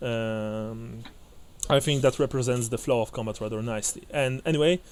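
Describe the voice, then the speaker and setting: A man narrating as game master of a tabletop game, hesitant with many fillers and restarts, often breaking into quick laughs. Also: mid-range voice, a little mellow, a little hiss or hum.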